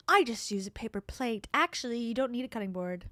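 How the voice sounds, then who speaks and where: A woman's voice: medium pitch, bright, forceful tone, breathy edge, dry recording, clean studio sound. A woman hosting a reaction video, making blunt, sarcastic casual commentary.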